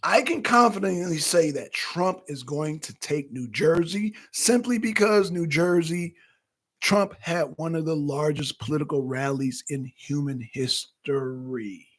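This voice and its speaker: Male co-host, high husky voice, animated and profane casual commentary. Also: measured pace. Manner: animated, profane, chatting directly to viewers. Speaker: political talk show co-host.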